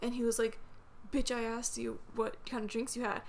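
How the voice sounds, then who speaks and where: A young woman hosting a podcast, telling work stories in a casual, animated way, acting out customers and swearing freely. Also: fairly high pitch, a little fast, slight background noise. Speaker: podcast host. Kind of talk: casual chat.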